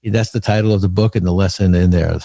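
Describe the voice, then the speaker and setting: A man's voice: deep voice, fairly even intonation, fast, vocal fry, mellow, no room sound. A man being interviewed about leadership, earnest, telling stories with frequent restarts. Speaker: author and leadership speaker, guest. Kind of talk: conversational podcast interview.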